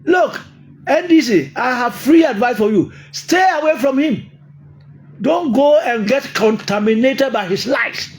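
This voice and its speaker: A man's voice: very high-pitched, a little hiss or hum. An older man with a Ghanaian accent, delivering an emphatic political monologue, repeating his points and laughing often. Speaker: political commentator.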